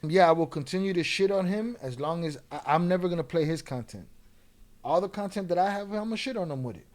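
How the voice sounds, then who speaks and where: A man's voice: high-pitched, animated, fast talker, a little mellow. A man hosting his own channel, delivering an angry, profane, taunting commentary rant at a rival. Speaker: channel host.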